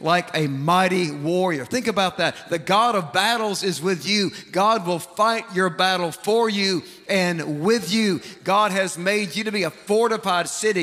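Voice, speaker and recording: High-voiced preacher in a reverberant hall. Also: male voice, unhurried, few pauses, sharp tone. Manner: emphatic preaching with repeated phrases and scripture quotes. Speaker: pastor. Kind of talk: sermon. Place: large church sanctuary.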